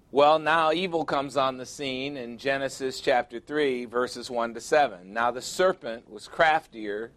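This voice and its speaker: A middle-aged man preaching a sermon, reading scripture aloud and pressing his points with rhetorical questions. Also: mid-range voice. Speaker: pastor.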